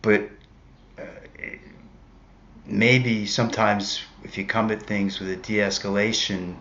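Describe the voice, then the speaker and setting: In a lowish, level, fairly bright voice, a street musician slowly tells a personal story. He rambles conversationally and keeps correcting himself. The recording is dull and lo-fi, with a little hiss or hum.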